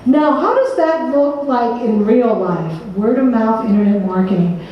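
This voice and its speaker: A woman's voice: a little high, lively intonation, measured pace, highs cut off. A woman from New Jersey with a New Jersey accent, presenting a workshop seminar and quizzing her audience by name. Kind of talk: interactive seminar talk. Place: meeting room with an audience. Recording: echoey room from a distance.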